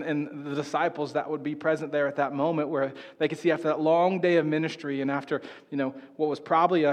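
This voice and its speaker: A man preaching a sermon in a casual, conversational way, often checking in with "right?" and getting animated as he retells the scene. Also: on the high side. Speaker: pastor.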